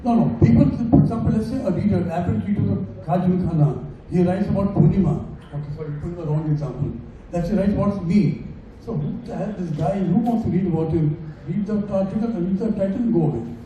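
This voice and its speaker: A man's voice: high voice, quick pace, highs cut off, a little hiss or hum. Older male speaker, chatty and joking, recorded from a distance in a very echoey room. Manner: chatty, joking, addresses audience by name. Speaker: guest speaker. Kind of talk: speech at a farewell event.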